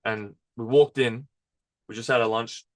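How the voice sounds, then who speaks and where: A man's voice: medium pitch, fairly even intonation. Guy on a podcast, easygoing, laughs a lot while telling stories. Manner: laid-back, quick to laugh, tells stories. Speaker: podcast co-host. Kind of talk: casual chat.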